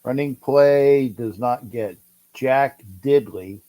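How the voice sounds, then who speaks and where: A middle-aged man hosting a livestream, calling a football game and answering chat, excitable and repeating himself as he urges his team on. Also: medium pitch, slow. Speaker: livestream host. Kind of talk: live game-watch commentary with chat.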